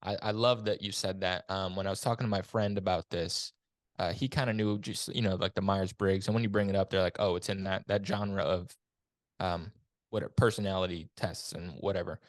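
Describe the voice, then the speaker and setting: Low-voiced casual male host, dry sound. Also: fairly even intonation, fairly quick, dry recording. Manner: casual with fillers like "um" and "like". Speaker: podcast host. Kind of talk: casual interview chat.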